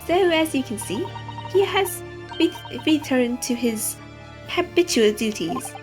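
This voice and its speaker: A theatrical French museum owner, voiced by a woman, stumbling and repeating her words in a put-on French accent. The voice sits a little high. Game music plays underneath. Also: expressive, measured pace.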